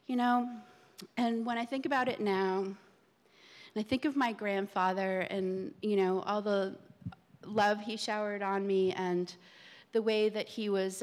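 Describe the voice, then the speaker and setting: A woman telling a personal story live on a theater stage, halting and searching for her words. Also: medium pitch, a little mellow.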